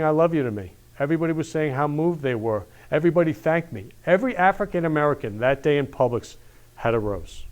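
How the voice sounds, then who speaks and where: Effusive man hosting a live show. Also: a little high. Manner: effusive, repeats "I love you" often. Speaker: host. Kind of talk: emotional live-stream show talk.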